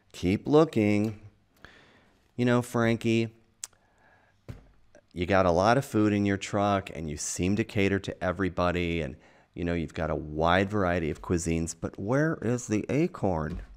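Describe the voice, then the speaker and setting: Man, picture book read-aloud, playful, low gravelly voice, lively swooping pitch, unhurried. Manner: playful, chatty, enthusiastic. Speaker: children's book reader.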